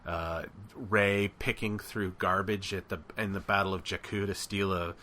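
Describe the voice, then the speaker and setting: A man's voice: deep voice, moderate pace, slight background noise. A man co-hosting a podcast in casual chat, rambling with many fillers. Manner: rambling, filler-heavy, animated. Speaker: podcast co-host.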